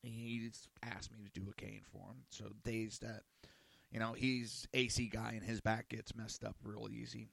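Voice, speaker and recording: A man's voice: fairly low pitch, level tone, a little slow, creaky, a bit bright, no room sound. A man hosting a small radio and online show, talking in a casual rambling monologue, often repeating words and cursing casually.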